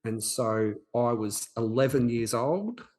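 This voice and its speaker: A man in his forties, a podcast host, telling a personal story in an earnest, halting way with frequent restarts. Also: mid-range voice, animated, a little mellow. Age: 40s.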